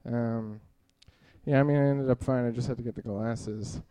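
A man's voice: mid-range voice, fairly even intonation, normal speed, mellow, clear, resonant tone. A man in his early thirties telling a rambling, self-deprecating stand-up story, full of filler uhs. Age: 30s. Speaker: stand-up comedian.

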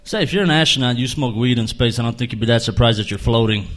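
A man's voice: mid-range voice, fast talker, heavy background noise. A man doing stand-up comedy on a club stage, rambling through absurd jokes and jumping into sudden silly voices, with audience laughter behind him.

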